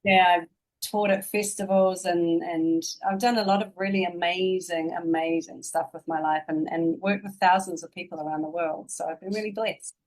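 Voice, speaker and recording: A woman's voice: on the low side, fairly even intonation, moderate pace, rough recording. A woman in her fifties with a New Zealand accent, a guest speaking in a reflective, flowing way about her life. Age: 50s. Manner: reflective, flowing, spiritual phrasing. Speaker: guest, spiritual teacher. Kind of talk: casual interview chat.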